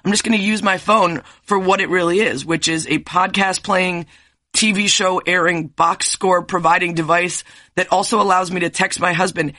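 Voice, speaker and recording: A woman hosting a podcast, chatting with a guest and then delivering an animated, sarcastic rant. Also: fairly low pitch, moderate pace, dry recording, studio quality. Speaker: podcast host. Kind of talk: casual interview, then a scripted rant.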